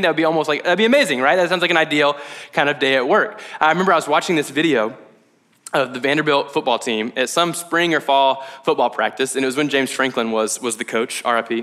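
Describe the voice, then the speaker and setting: A man preaching a sermon in a lively, conversational way, checking in with "okay?" and "right?" and tossing in jokey asides. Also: mid-range voice, long reverb tail. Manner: jokey asides and acted-out quotes. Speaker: pastor.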